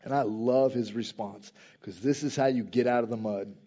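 A man preaching a sermon in a casual, conversational way, swinging from loud emphasis to quiet intensity. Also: medium pitch, moderate pace, slightly rough, highs cut off. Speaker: pastor.

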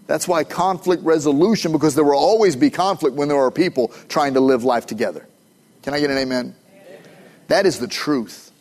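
Pastor, male, fairly high voice, emphatic sermon delivery with call-and-response. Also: a little mellow. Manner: emphatic, calls for audience responses.

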